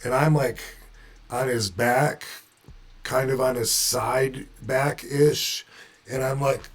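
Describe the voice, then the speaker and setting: A laid-back man telling a story in a casual, unhurried way. His pitch sits in an ordinary middle range, and he swears freely as he chuckles through it. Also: steady tone.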